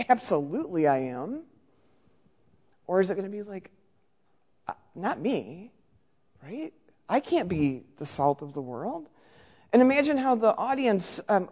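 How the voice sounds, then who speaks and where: A woman's voice: mid-range voice, warm tone. Woman preaching a chatty sermon in a hall. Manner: conversational, asks the congregation questions. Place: church. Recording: dull recording in a large reverberant hall.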